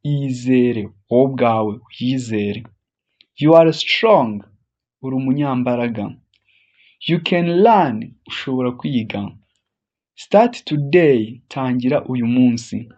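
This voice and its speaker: A teacher drills short English phrases, repeating each one twice in a slow, drawn-out way. The voice is husky and the pitch moves a lot between phrases. The recording sounds dull and lo-fi. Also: animated, darkish tone.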